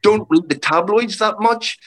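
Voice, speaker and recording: A man's voice: high-pitched, unhurried, a bit bright. A middle-aged man with a Northern Irish accent, a comedian guest chatting on a podcast and laughing often as he tells anecdotes. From Northern Ireland. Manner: anecdotal, laughs often while telling stories. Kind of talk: casual podcast chat.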